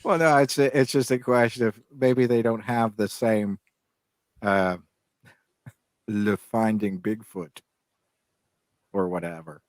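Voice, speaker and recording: Middle-aged male podcast co-host, slow and low, halting delivery, dry recording. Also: dry recording. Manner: halting, many restarts and fillers. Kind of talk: casual rambling chat.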